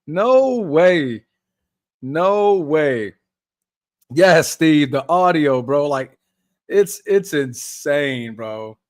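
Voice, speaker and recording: A man's voice: a little high, lively intonation, drawn-out words, no room sound. Young guy on a podcast mic, slangy and laughing a lot, voice jumps around, dry sound. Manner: laid-back slangy chatter, laughs often. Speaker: podcast host doing a live watch-along. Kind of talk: casual live game reaction.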